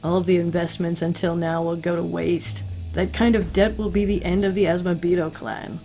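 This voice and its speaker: A woman voicing a polite, anxious noblewoman envoy, reading her lines softly and politely. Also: lowish voice, little pitch movement, moderate pace, soft background music, natural voice. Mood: earnest.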